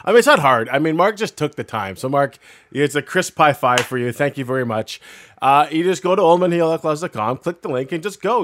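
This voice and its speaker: A man's voice: medium pitch, no echo, clean studio sound. A man co-hosting a casual podcast, joking and swearing as he talks. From Canada. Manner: profane, joking, laughs often. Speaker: podcast co-host.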